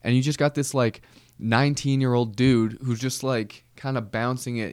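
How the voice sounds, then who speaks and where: A man hosting a comedy podcast, telling a rambling deadpan story with casual slang. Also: mid-range voice, normal speed, dry recording. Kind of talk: comedic monologue.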